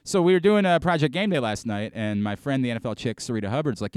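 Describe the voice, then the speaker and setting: Animated, exasperated male sports radio host. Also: mid-range voice, fast, hardly any pauses. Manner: animated, exasperated ranting with frequent restarts. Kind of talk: sports talk radio monologue.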